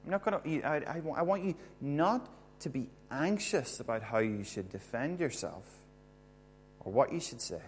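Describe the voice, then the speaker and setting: In a church hall with a screen, a man preaches a sermon in a conversational style, asking his listeners questions. His voice is medium-pitched and expressive at a moderate pace, with slight background noise.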